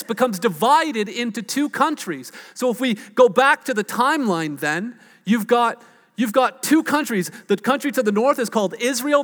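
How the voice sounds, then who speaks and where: A man preaching a sermon, telling a story with animated, acted-out quotes. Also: very high voice, long reverb tail. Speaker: pastor.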